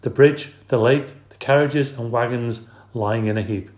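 A man narrates a children's storybook in the first person, with a lively, expressive delivery. His voice sits at a middle pitch. The recording has a roomy reverb. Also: normal speed, hardly any pauses. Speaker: audiobook narrator.

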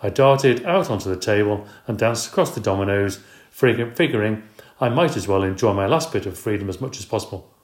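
A man reading a children's book aloud in a steady, expressive way. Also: fairly low pitch, a little fast. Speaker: storyteller. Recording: roomy echo.

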